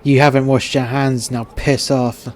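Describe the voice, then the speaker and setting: A man voicing a stern, curt male Italian police officer with a gruff voice in a storytelling podcast. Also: medium pitch, flat delivery, unhurried, darkish tone, a little hiss or hum, natural voice.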